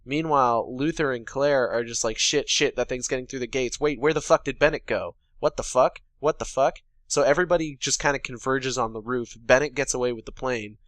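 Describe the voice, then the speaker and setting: A man's voice: mid-range voice, brisk, hardly any pauses, a bit bright, no echo. A man co-hosting a podcast, casually and sarcastically recapping a film's plot with lots of swearing and mock quotes. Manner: sarcastic, profane, paraphrases characters in quotes. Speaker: podcast co-host.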